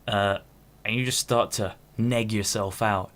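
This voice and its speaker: Low-voiced young man rambling solo. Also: fairly even intonation, unhurried, a bit bright. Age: 20s. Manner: rambling, self-interrupting, casual swearing. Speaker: podcast host. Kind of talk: casual solo monologue.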